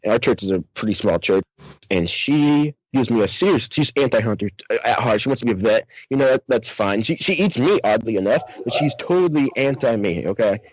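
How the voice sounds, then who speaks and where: A man's voice: mid-range voice, animated, fairly quick, dry recording, low-quality recording. A young man, author and outdoors radio host, talking emphatically and preachily in a podcast discussion.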